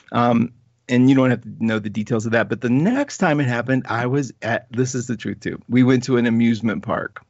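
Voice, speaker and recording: A chatty man hosts an astrology talk show, spinning a self-mocking story in a loose, animated way. His voice sits at an ordinary middle pitch. The sound is dry and a bit muffled, with no room echo. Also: creaky. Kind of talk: casual storytelling monologue.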